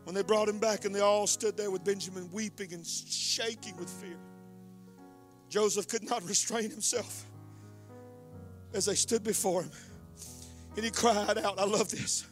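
A man preaching a sermon in a singsong cadence, swinging between soft whispers and shouted call-and-response. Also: high-pitched, normal speed, soft background music.

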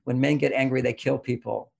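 A man's voice: mid-range voice, steady tone, brisk, creaky, darkish tone. An older man giving relationship advice in conversation, explaining emphatically like a lecture.

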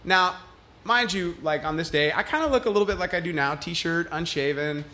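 A man's voice: a little high, a little fast, bright, forceful tone. A man hosting a podcast, telling a story in a casual, heated, profane way, full of "like". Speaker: podcast host.

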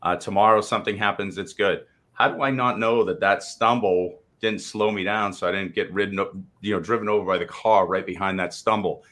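A man co-hosting a live chat show, a motivational speaker telling animated stories and swearing freely. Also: lowish voice, fairly quick, few pauses. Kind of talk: casual livestream chat.

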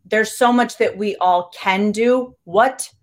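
A woman who works as a trainer and coach, speaking as a podcast guest in an animated, chatty way full of "like" and restarts. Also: mid-range voice, takes it slowly. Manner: animated, filler-heavy talk with frequent "like" and restarts. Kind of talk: casual interview conversation.

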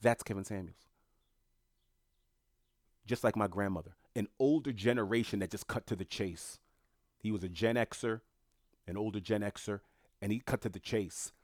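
Male commentator, low and dry, blunt and emphatic, talks straight to camera. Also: normal speed, long pauses, no echo. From Haitian family. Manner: blunt, emphatic, repeats himself. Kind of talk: casual monologue commentary.

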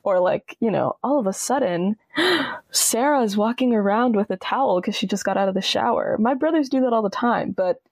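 A young woman speaks as a podcast guest, her voice carrying a gravelly, fry-heavy texture. She talks casually but with real passion, leaning into emphatic, expressive phrasing. The sound is close and dry, with no room around it. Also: medium pitch, fairly quick, hardly any pauses, no echo. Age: young adult. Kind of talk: casual conversation.

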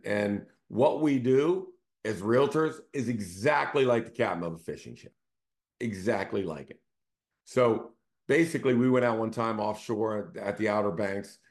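Man, fairly low voice, casual storyteller, show host, conversational, keeps checking in with listeners. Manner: conversational, often checks in with "right?". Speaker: real estate team CEO hosting a show.

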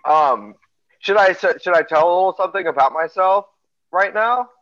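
A man's voice: high-pitched, moderate pace, a bit bright, dull audio. A young man talking casually on a podcast, hesitant and swearing often. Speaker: podcast co-host. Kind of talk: casual chat.

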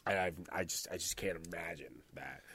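A man's voice: low-pitched, fairly quick, vocal fry, fairly bright tone, breathy edge. A man co-hosting a podcast, telling rambling, profane stories in casual chat, full of fillers. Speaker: podcast co-host.

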